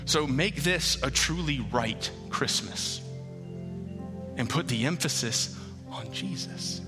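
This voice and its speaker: A man preaching a sermon as pastor, emphatic and repeating key phrases with slow, deliberate stresses. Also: mid-range voice, lively intonation, in a large hall, over music. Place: church sanctuary.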